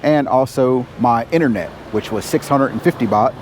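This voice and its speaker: A man's voice: mid-range voice, moderate pace, slight background noise. A man talking casually to camera as a vlogger, laid-back and joking, walking around a market and a laundromat. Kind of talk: casual vlog narration. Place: outdoors on city streets, market and laundromat.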